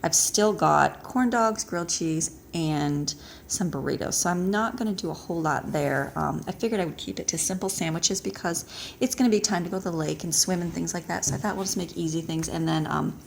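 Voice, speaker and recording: A woman's voice: fairly low pitch, a little fast, gravelly, a little hiss or hum. A woman in her thirties chatting casually to the camera at home, rambling along with many fillers. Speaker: vlogger, mother of a large family.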